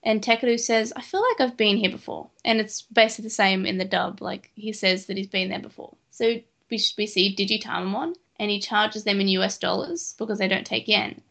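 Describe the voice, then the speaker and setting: A woman's voice: mid-range voice, fairly quick, vocal fry, few pauses, a bit bright. A woman co-hosting a podcast, recapping cartoon episodes in a rambling, chatty way. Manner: rambling, chatty, lots of fillers. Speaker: podcast co-host. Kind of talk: casual chat recapping a cartoon.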